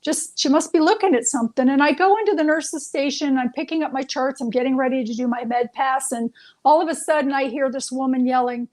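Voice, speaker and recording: A woman's voice: high-pitched, brisk, a little mellow. A woman guest on a radio interview, a former nurse, telling earnest stories and acting out the dialogue in them. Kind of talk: phone-in radio interview storytelling.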